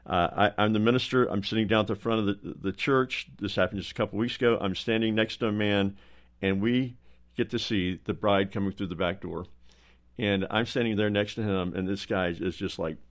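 A man's voice: fairly low pitch, steady tone, fairly quick. A man who is a pastor, explaining steadily in a pastoral way and telling anecdotes on a roundtable. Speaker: pastor and co-host. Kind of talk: roundtable talk, teaching.

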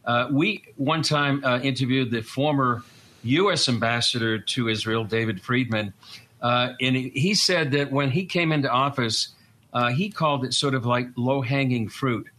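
A guest commentator with a Boston accent explains things earnestly in a conversational discussion, often stalling on fillers and starting over. His mid-range voice sounds pushed and bright.

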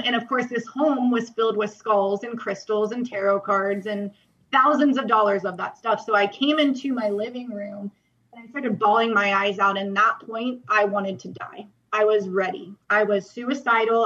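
A young woman tells her story as a podcast guest, earnest and emotional, with a slightly raised pitch. Her speech is full of "like" fillers. The recording is a little dull and muffled. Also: normal speed, a bit bright. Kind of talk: personal testimony in a podcast interview.

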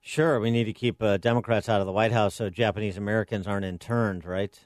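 A man's voice: on the low side, steady tone, quick pace, no echo, studio quality. A man hosting a talk radio show, delivering opinionated commentary and firing off repeated rhetorical questions.

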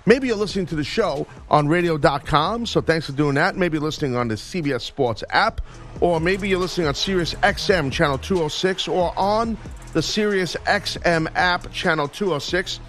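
A man's voice: fairly high pitch, moderate pace, a bit bright, soft background music. A man with a Southern US accent hosting sports radio in a studio, joking and boasting playfully. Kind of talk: casual radio banter. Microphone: studio mic.

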